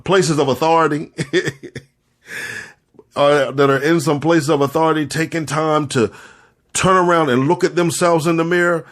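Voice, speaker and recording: With a somewhat high, slightly bright voice, the man talks fairly quickly in a steady tone. He is a podcast host and spiritual leader giving impassioned, preacherly commentary, repeating lines for emphasis and fighting back tears.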